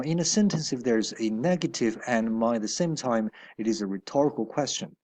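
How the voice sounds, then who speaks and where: A man's voice: on the low side, moderate pace, a little mellow, no echo. A man teaching a Chinese textbook lesson, explaining each line patiently with hesitant fillers and corrections along the way.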